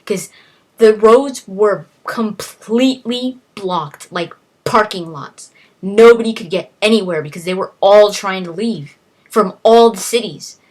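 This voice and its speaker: A woman's voice: medium pitch, a little slow. A young woman casually retelling a novel's plot, rambling and quoting the characters with "he's like" as she goes. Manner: rambling, quotes characters with "he's like", frequent restarts.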